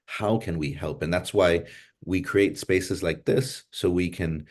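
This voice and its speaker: A man's voice: low voice, a little slow, a little mellow. A man hosting a language class over a video call, speaking in a thoughtful, reflective way and moving between Chamoru and English.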